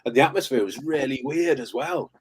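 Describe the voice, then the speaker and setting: A man talks through a story in loose, casual chat, circling back and restarting his sentences. His pitch sits mid-range and his delivery stays conversational on a live call. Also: brisk, a crowd in the background, poor audio. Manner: rambling, stop-start, with many restarts and fillers. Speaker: paranormal investigator guest. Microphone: remote live call.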